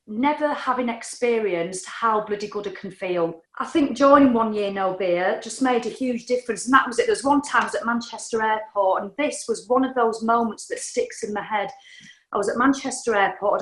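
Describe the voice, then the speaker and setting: Woman telling her story, fairly high voice, frank and chatty, swears a bit, echoey room. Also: fairly bright tone. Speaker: podcast guest. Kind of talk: candid storytelling.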